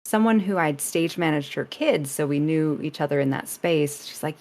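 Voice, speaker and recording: A woman speaking as a guest in a casual podcast interview, rambling with quick restarts and frequent laughter. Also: low-pitched, darkish tone. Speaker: streamer guest.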